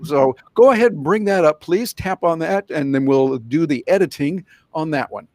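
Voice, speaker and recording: Man, webinar presenter, playful, animated, lively swinging pitch, dry close sound. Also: normal speed, no room sound. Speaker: guest presenter, professional speaker.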